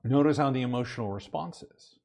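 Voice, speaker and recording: Man, pastor, conversational sermon, asks "amen?", acts out asides, mid-pitched voice. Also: brisk, gravelly, darkish tone. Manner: conversational preaching with frequent "amen?" and acted asides.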